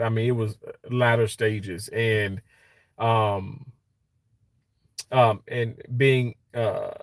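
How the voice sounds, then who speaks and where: A man's voice: mid-range voice, fairly bright tone, no room sound. A man hosting a casual livestream, reading out viewer comments and greeting them by name in a chatty, rambling way with lots of fillers. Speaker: livestream host. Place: hospital workplace.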